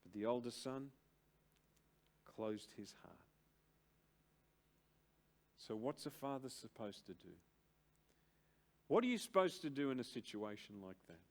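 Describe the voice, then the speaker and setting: An older man preaching a sermon to a church congregation, slow and emphatic, with dramatic pauses and big swings between loud and soft. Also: medium pitch, sing-song. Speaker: pastor. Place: church service.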